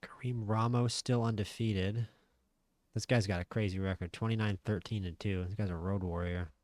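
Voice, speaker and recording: A man's voice: fairly low pitch, fairly even intonation, moderate pace, a little mellow, no room sound. A man giving casual let's-play commentary, thinking aloud with frequent restarts. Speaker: gaming channel host.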